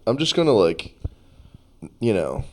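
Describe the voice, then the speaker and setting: A man's voice: fairly low pitch, a little slow. A young man co-hosting a casual podcast chat, telling stories with lots of energy. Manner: animated storytelling with put-on voices. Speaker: podcast co-host.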